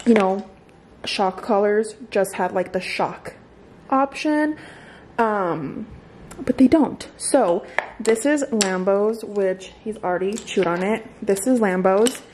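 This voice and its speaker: A woman's voice: mid-range voice, takes it slowly, a little mellow, slight background noise. A woman vlogging at home on a handheld camera, slightly out of breath, chatting in a rambling way with lots of fillers. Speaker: vlogger, mom of two. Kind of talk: casual vlog chat.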